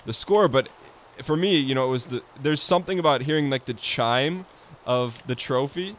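A man hosting a let's play, chatting casually in a relaxed, rambling way and laughing easily. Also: medium pitch, normal speed, a little hiss or hum. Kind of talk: casual gaming chat.

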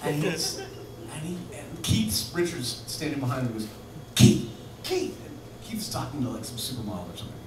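A man's voice: on the high side, sing-song, fairly quick. A man telling a rambling, laughing anecdote on stage at a bar venue, full of fillers and restarts. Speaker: musician telling a story on stage. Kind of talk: live anecdote. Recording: echoey live room from far off with noise.

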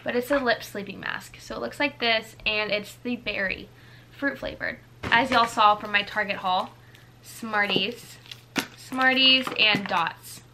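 A woman's voice: medium pitch, moderate pace, background noise. A woman in her twenties from the United States, chatting casually through a haul of gifts, gushing and rambling with fillers. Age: 20s. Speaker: vlogger.

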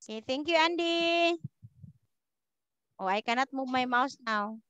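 High, bright-voiced woman teaching slowly. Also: expressive, smooth, dry recording, low-quality recording. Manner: patient, slow, repeats words for a learner. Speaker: English teacher. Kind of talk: online one-to-one grammar lesson.

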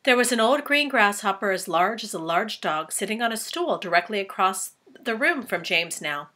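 A woman teacher reading a storybook aloud to children, animated and stopping to ask them questions. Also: medium pitch, moderate pace.

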